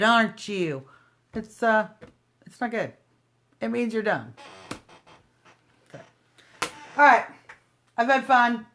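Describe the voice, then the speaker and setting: A woman hosting a live phone stream, talking loudly in a confrontational, sarcastic political rant. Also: fairly high pitch. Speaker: livestream host. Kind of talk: combative political livestream rant. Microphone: phone livestream.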